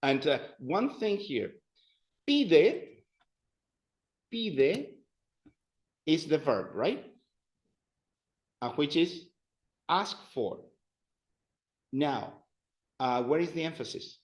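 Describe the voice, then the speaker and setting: A man teaching a grammar class, playful and animated, repeating phrases and addressing students. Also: a little high, extremely slow, pauses often, roomy sound. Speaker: Spanish teacher.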